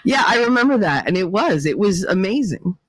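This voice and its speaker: A woman's voice: mid-range voice, big pitch swings, fairly quick, dry recording, rough recording. Middle-aged lady chatting with her stream chat, cusses a lot, dry close sound. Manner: chatty, swears freely, answers viewers by name. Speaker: livestream host reading chat. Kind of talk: casual chat.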